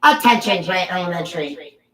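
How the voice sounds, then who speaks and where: A woman voicing a scheming school administrator who makes a slow, fake-sweet announcement over the intercom. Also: fairly low pitch, animated, noisy background, lightly acted. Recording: echoey room, voice from a distance.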